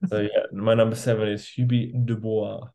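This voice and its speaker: A man's voice: fairly low pitch, flat delivery, moderate pace, mellow. Easygoing man, casual podcast chat. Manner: easygoing, filler-heavy, says "like" constantly. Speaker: podcast co-host.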